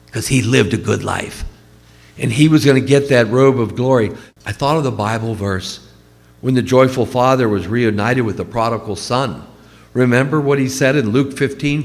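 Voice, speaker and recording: Gravelly man preaching in a reverberant hall. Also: mid-range voice. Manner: storytelling, warm and conversational. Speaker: priest. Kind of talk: funeral homily.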